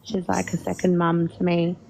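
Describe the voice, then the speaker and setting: Woman, low gravelly voice, candid panelist. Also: monotone, moderate pace, darkish tone, slight background noise, rough recording. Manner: candid, laughs at herself. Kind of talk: casual chat.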